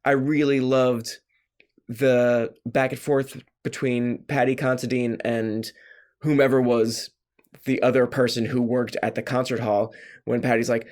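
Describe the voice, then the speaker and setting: A man's voice: mid-range voice, unhurried. Chatty man acting out film scenes. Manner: animated, acts out quoted lines in a raised voice. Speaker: podcast co-host. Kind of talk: casual film discussion.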